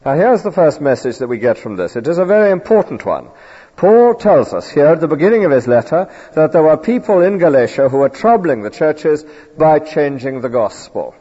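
Man, preacher, emphatic sermon, husky voice, long church reverb, muffled old recording. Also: medium pitch, mellow. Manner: earnest, emphatic expository preaching.

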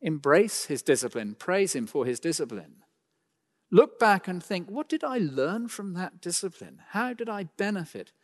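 A man preaching a sermon, swinging between loud emphatic lines and quiet slowed phrases, with dry asides. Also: high voice, big pitch swings. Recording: long hall reverb.

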